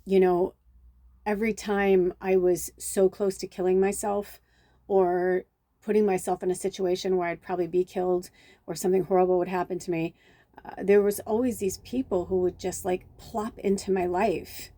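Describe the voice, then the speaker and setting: A woman's voice: fairly low pitch, moderate pace, no echo, studio quality. A middle-aged woman from Chicago, a spiritual medium, telling a rambling, digressive personal story in a casual vlog, swearing now and then and acting out quoted dialogue. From Chicago, USA. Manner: acts out quoted dialogue with lively reactions.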